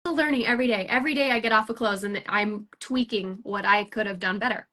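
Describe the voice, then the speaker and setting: Bright, upbeat woman hosting a sales chat. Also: medium pitch, brisk. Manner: upbeat and rambling, full of fillers and restarts. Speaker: sales team lead hosting a recruiting chat. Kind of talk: casual recruiting chat.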